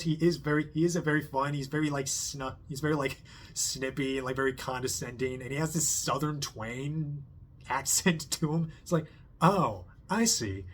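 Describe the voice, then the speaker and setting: A man giving a casual spoken movie review, rambling with lots of fillers, restarts and quick impressions. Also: a little high, a bit bright, slight background noise.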